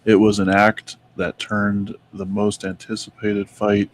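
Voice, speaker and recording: A man's voice: fairly low pitch, completely flat delivery, measured pace, a little hiss or hum. A man co-hosting a casual talk, reading notes aloud and stumbling over names. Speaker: co-host reading Mandela effect notes. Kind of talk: casual chat.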